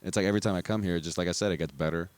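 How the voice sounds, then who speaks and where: A man's voice: low voice, very fast, clear, resonant tone. A young man hosting a podcast in casual chat, laughing often and swearing easily, a bit out of breath and tipsy. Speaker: podcast host.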